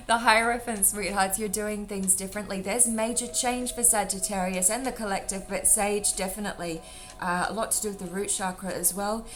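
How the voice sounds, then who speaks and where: A woman's voice: medium pitch, fairly even intonation, a little fast, a bit bright. A woman doing a casual tarot reading for viewers, rambling and affectionate, calling them sweetheart and darling. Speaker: tarot reader. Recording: faint drum music underneath. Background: faint drum music.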